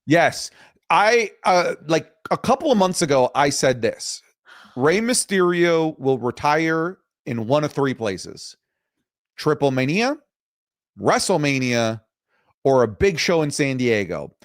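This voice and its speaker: A man co-hosting a casual wrestling chat, making confident, animated predictions and mocking impressions, swearing freely. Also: a little high, slow pace, dry recording, studio quality. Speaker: co-host and wrestling commentator.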